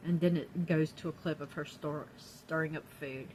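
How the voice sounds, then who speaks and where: A woman's voice: low voice, steady tone, moderate pace, a little mellow, a little hiss or hum. A woman chatting in a casual vlog from her apartment, blunt and profane, laughing often. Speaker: YouTube vlogger. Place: downstairs apartment.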